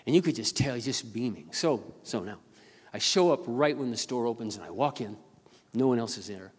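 An older man preaching as a pastor, telling a story earnestly and haltingly, often repeating his words. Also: medium pitch, lively intonation, husky. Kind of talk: sermon storytelling. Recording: long reverb of a large hall.

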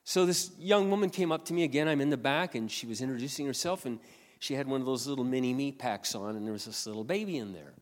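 Male pastor, mid-pitched, storytelling sermon, throat-clearing, big reverberant room. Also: quick pace. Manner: frequent throat clearing, retells conversations. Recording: long hall reverb.

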